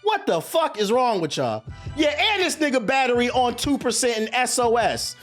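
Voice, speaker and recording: A man's voice: very high-pitched, sing-song, normal speed, soft background music. A man streaming live, ranting at his viewers in a heated, mocking and profane way.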